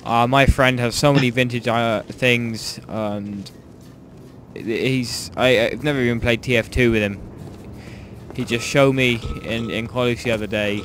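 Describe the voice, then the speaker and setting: A man's voice: medium pitch, steady tone, measured pace, fairly bright tone, slight background noise. A young man from Ireland chatting casually while playing a game, rambling and joking, often trailing off mid-sentence. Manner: rambling, jokey, trailing off and restarting. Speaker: gaming channel host. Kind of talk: casual gameplay chat.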